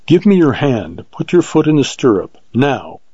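An earnest, bold frontier ranger, voiced by a male narrator, speaks in a measured way. His tone is mellow and dark. The sound is dry and slightly lo-fi. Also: medium pitch, sing-song, slightly rough, no room sound. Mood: steady.

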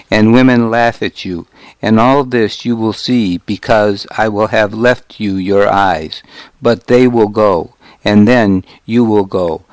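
A man voicing a cruel Danish warlord who delivers his threats in an even, reasonable tone. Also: lowish voice, no echo, lightly acted. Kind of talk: audiobook character reading.

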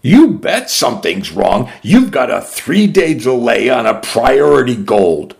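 A furious, sharp-tongued woman, as a male reader puts her on, clipped and sneering through gritted teeth. Her voice carries a gravelly edge and swings widely in pitch as she bites off each line. It is an audiobook character voice. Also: big pitch swings, unhurried. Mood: seething.

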